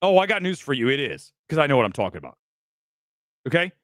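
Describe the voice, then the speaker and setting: A man with a fairly high, swooping voice hosts a live film-reaction stream, ranting bluntly and with plenty of swearing. He boasts about his judgment and dares his viewers to disagree. The sound is dry and close. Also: big pitch swings, fast, a bit bright, no echo. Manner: challenges viewers directly. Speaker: film critic host.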